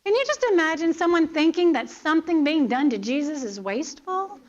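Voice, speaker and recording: Woman, high voice, Bible lesson, earnest questions, dull lo-fi sound. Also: expressive, brisk. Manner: earnest, asks rhetorical questions, checks in with "okay?". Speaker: Bible class teacher. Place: church.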